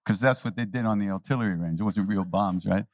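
A man telling stories to a live audience on a handheld mic, animated, laughing and often restarting his sentences. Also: fairly low pitch, fast, heavy background noise. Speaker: spiritual teacher answering questions. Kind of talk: anecdotal storytelling talk. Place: talk before a live audience. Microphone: handheld microphone.

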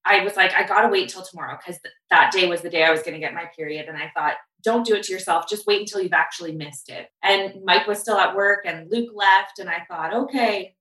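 A woman guest on a podcast telling her story in a chatty, animated way. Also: lowish voice, fast, few pauses, reverberant, recorded from a distance, low-quality recording. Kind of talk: casual podcast chat.

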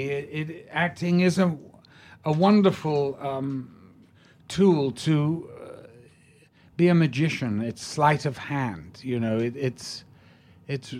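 An older man, an actor guest telling stories in a rambling way, full of restarts. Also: a little high. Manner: rambling with many restarts, amused. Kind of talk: casual anecdote in an interview.

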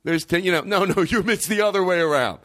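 A man hosting a podcast, ranting, swearing and jumping his pitch for emphasis. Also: quick pace, fairly bright tone. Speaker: podcast host. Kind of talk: heated podcast rant.

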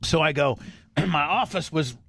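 A man hosting a radio show, telling stories in a rambling, profane, casual way and loudly acting out the voices of others. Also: fairly high pitch, unhurried, breathy edge, dry recording, studio quality. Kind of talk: casual storytelling chat.

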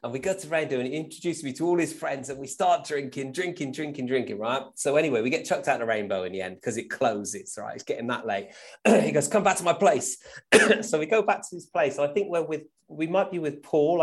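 Animated man telling stories. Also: mid-range voice, brisk. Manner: animated, adds "right?" often, laughs while telling stories. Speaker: guest musician. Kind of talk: casual storytelling.

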